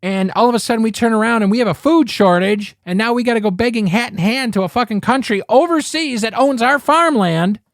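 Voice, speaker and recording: A man's voice: high voice, fast, hardly any pauses, no echo, studio quality. A man hosting a podcast, ranting angrily about politics, swearing freely and rambling with frequent restarts. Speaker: podcast host. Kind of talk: profane political commentary rant.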